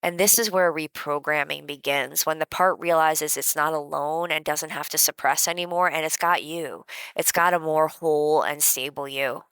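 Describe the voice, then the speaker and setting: Low, bright-voiced woman teaching gently. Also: fairly even intonation, moderate pace, few pauses, smooth, no echo, rough recording. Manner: gentle, conversational, with many fillers. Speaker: self-help teacher. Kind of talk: guided emotional self-help lesson.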